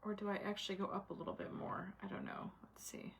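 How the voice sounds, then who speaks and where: A middle-aged woman hosts a craft livestream, chatting with viewers by name as she works and muttering to herself while concentrating. Her mid-range, creaky voice is level and quick, picked up by a camera mic at her desk with a little hiss or hum.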